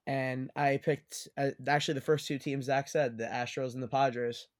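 A man's voice: mid-range voice, steady tone, normal speed. A young adult man hosting a casual sports podcast, talkative and steering the discussion with bold picks. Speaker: podcast host.

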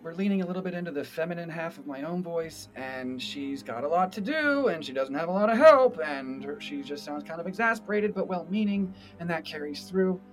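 A man's voice: a little high, expressive, fairly quick, hardly any pauses, faint music behind, voice pushed up, natural voice, low-quality recording. Brief: harried, kind woman scientist with too much to do, as a man plays her. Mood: exasperated. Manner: exasperated but well-meaning. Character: overworked pregnant woman scientist.

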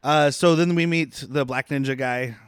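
A man's voice: medium pitch, fairly even intonation, moderate pace, smooth, no echo, studio quality. A man co-hosting a movie podcast in casual chat, laughing often and acting out lines from the film. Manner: laughs often, acts out quotes. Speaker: podcast co-host.

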